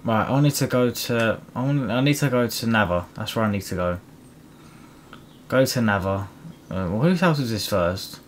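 Cheeky gaming commentator. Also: male voice, lowish voice, expressive, moderate pace, slight background noise. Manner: casual, cheeky. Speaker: gaming host. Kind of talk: let's play commentary.

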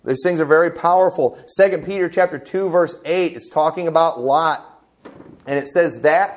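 Brief: higher-voiced male pastor, fervent and blunt from the pulpit, church setting. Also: moderate pace. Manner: fervent, blunt preaching with asides to the congregation; quotes scripture. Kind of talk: sermon. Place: church sanctuary.

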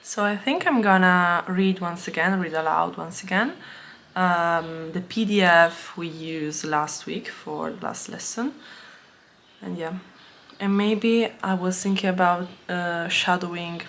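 A young woman who is not a native English speaker, chatting casually on her vlog, giggling often and filling pauses with ums and restarts. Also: lowish voice, a bit bright, a little hiss or hum. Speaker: language-learning vlogger.

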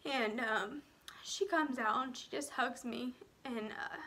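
A young woman with a somewhat high, bright voice tells her own story in a personal vlog. She is emotional and close to tears. She speaks haltingly and softly, often sinking to a near whisper and filling pauses with "um" and "like.". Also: fairly even intonation. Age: young adult. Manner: frequent "um" and "like" fillers.

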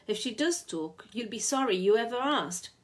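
A woman's voice: on the high side, animated, normal speed, voice pushed up, lightly acted. A woman reading aloud, voicing a poor, reproachful mother of many children who teases and laughs easily. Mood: teasing. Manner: reproachful, teasing.

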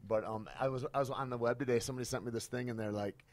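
A man's voice: mid-range voice, steady tone, very fast, a little mellow. A man hosting a podcast in casual chat, laid-back and swearing freely. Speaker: podcast host.

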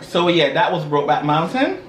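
A playful man hosting a casual food chat and leading a quote-guessing game, teasing his co-host. His voice sits high and bounces around a lot. The sound is roomy with a faint hiss behind it. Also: big pitch swings, moderate pace. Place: indoors at a dining table. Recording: roomy room, faint noise.

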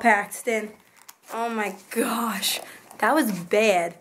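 Hoarse-voiced young mom vlogger, chatty, rambling, high-pitched, handheld camera at home. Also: female voice, extremely slow, fairly bright tone. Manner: chatty and rambling, with many asides. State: hoarse, losing her voice. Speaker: family vlogger, mother of a baby. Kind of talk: casual vlog chat to camera.

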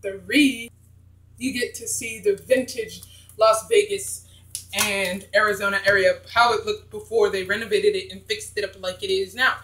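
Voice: mid-range voice, steady tone, moderate pace, fairly bright tone, a little hiss or hum. Young, chatty movie vlogger in a roomy space. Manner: chatty, rambling, blunt. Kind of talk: casual movie-review vlog.

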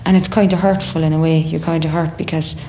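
A young Irish woman in a casual interview, a singer talking in a chatty, animated way and acting out other people's voices. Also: deep voice, quick pace, slight background noise. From Ireland. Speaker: singer in a band.

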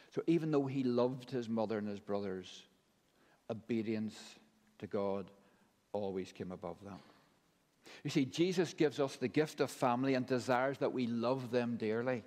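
A man delivers a sermon at a middle pitch, slow and emphatic, pausing between phrases. His voice carries a long reverb, as if it fills a large church hall. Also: a little mellow. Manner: measured, emphatic preaching with deliberate pauses. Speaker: preacher.

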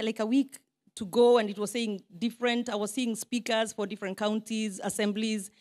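A Kenyan woman in her forties giving an informal, self-deprecating speech to a crowd as a politician, with Swahili asides. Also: a little high. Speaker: politician addressing a diaspora meeting.

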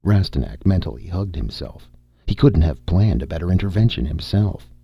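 A man reads a novel aloud in a steady, measured way, his voice low and husky. The recording is dry and close with a slightly dull, muffled top end. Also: no echo. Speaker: audiobook narrator. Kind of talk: audiobook narration.

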